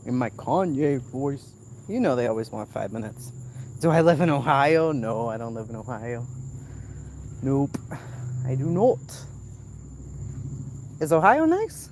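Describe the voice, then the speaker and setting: A woman's voice: rumbling low, big pitch swings, measured pace, pauses often, slight background noise. A woman from the southern United States chatting casually on a phone stream while walking outdoors at night. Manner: chatty, calls out loudly to her kid, drops to a whisper. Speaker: channel host.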